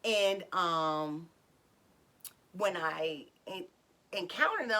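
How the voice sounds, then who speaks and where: A woman casually telling a personal story, animated, acting out dialogue in sudden high excited bursts, with frequent fillers and self-corrections. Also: a little slow. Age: adult with a son.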